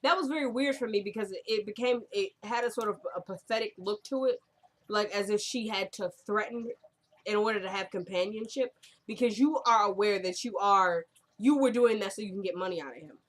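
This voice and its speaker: A woman giving a casual, rambling recap of a TV drama episode, full of fillers and self-corrections. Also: fairly quick. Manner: drops into quieter, lower tones when quoting characters.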